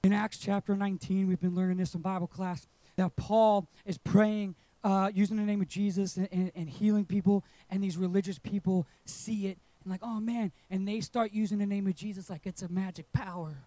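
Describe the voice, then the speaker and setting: A young male pastor delivers a lively sermon in a fairly high voice. He swings from quiet asides to sudden shouted bursts. The sound is close and dry, with no room echo. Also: a little fast. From England. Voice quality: animated preaching, voice surging to shouts on emphasis. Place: church auditorium.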